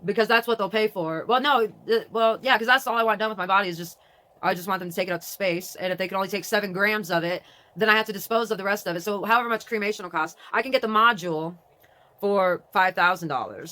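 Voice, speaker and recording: An adult with a grown daughter vlogs casually at a quick pace in a mid-range voice, reading aloud from a website along the way. She rambles and breaks off mid-thought, her mood swinging from excited to mournful.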